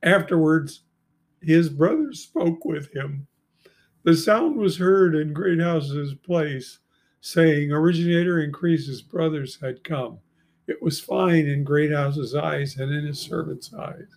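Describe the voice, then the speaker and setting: A man in his seventies reading scripture aloud slowly and deliberately, adding brief asides of commentary. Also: a little high, vocal fry, darkish tone. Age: 70s. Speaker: Bible reader and commentator.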